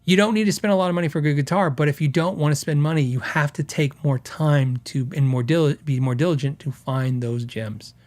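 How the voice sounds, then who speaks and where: A man's voice: on the high side, fairly quick, few pauses, darkish tone. A man hosting a podcast, talking casually and rambling with restarts as he reads out viewer comments. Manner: conversational, rambling with restarts and acted quotes. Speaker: podcast host. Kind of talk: casual chat.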